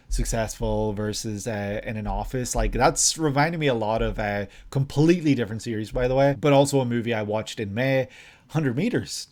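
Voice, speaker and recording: A man's voice: medium pitch, a little mellow. A man hosting a reaction video, thinking aloud in casual commentary with frequent hesitations.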